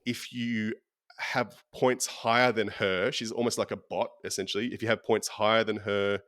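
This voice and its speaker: Dry-voiced low man hosting. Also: flat delivery, moderate pace, a bit bright, no room sound. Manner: chatty, wraps up the show with thanks. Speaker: podcast host. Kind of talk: casual chat.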